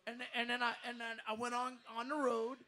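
A man, a drummer, giving an earnest, heartfelt tribute on the stage of a live music bar, with halting restarts. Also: extremely high pitch, level tone, noisy background. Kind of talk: onstage tribute speech. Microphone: handheld stage mic.

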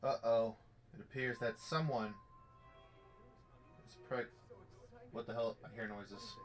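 A man's voice: mid-range voice, steady tone, slow. A young man giving live commentary on a virtual reality horror game, jumpy and jokey, swearing as he talks to himself. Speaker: gameplay streamer. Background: faint game music.

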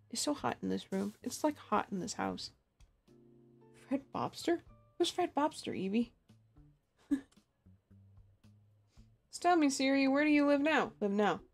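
A woman's voice: mid-range voice, gravelly. A young woman streamer chatting casually with her viewers, giggling and laughing often. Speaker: game streamer. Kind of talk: casual live-stream chat.

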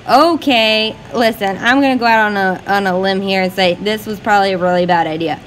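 A woman teacher annotating a poem for her class in a lively, chatty way, asking questions as she goes. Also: mid-range voice, a little fast, hardly any pauses, faint music behind, poor audio.

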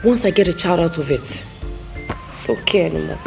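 A woman's voice: sits low, moderate pace, gravelly, music in the background. A woman with a Nigerian accent, playing a restless young wife desperate for a child. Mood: distressed. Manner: distressed, complaining. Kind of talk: Nollywood film acting.

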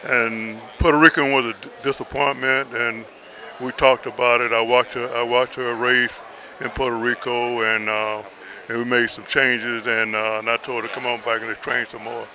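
A man who is a swim coach, answering interview questions at an airport in a plain, halting way with many pauses. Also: medium pitch, level tone, sharp tone, slight background noise. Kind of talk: casual interview. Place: airport arrivals area.

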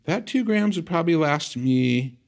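Animated man telling a wild story. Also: normal speed, vocal fry. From the San Fernando Valley, California. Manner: animated storyteller acting out past conversations, voice jumping high in excitement. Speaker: interview guest. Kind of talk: storytelling in a sit-down interview.

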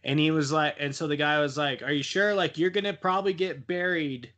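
A man's voice: fairly high pitch, steady tone, a little fast, a bit bright. A young man on a casual podcast, retelling a horror film in a rambling, profane way and laughing often. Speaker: podcast co-host.

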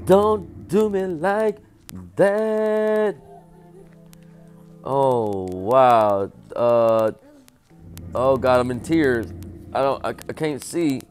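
A slow-talking, expressive gamer provides casual let's-play commentary on a horror game, with faint music behind him. He jokes, talks to the game character, and repeats silly chants, swinging from low mutters to loud, startled yelps.

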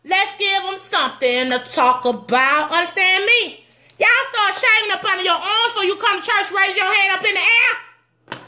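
A middle-aged woman giving sassy, teasing comedic church advice to her viewers, animated and preachy with loud whoops. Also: very high-pitched, moderate pace, noisy background. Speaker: comedic commentator addressing live viewers.

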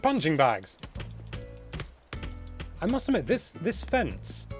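A man hosting a casual game livestream, excitable and chatty, exclaiming as he goes. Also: fairly high pitch, takes it slowly, soft background music. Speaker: livestream host.

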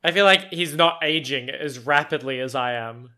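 A man's voice: fairly high pitch, moderate pace, music in the background. A man with an Australian accent reacting to a film in casual chat, chatty and laughing often, with lots of fillers and some swearing. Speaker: movie reaction host.

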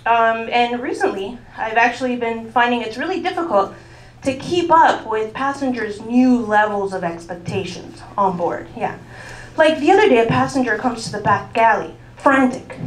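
A woman's voice: fairly high pitch, animated, normal speed. A woman from Mexico performing a stand-up comedy set on a club stage, chatty and teasing the crowd. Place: comedy club stage before a live audience. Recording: echoey club with crowd laughter.

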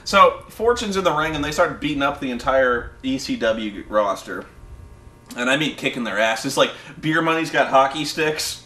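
A man chatting casually as a podcast host, animated and profane. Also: normal speed, reverberant. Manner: animated, profane, mimics people with loud high voices. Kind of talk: casual chat.

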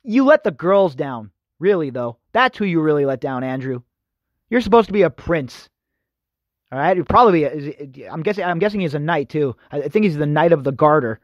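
A man with a high, lively voice rants through his news commentary, swinging his pitch up and down as he grows indignant. The sound is dull and dry, like a lo-fi home recording. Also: a little fast, no room sound. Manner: indignant, ranting, addresses listeners as folks. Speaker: podcast host.

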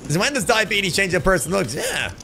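A man's voice: high-pitched, very animated, a little fast, vocal fry, a little hiss or hum. A man with an Irish accent, live-streaming a shooter game and joking and swearing as he reads chat aloud. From Ireland. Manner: loud, joking, swears freely, shouts at the game.

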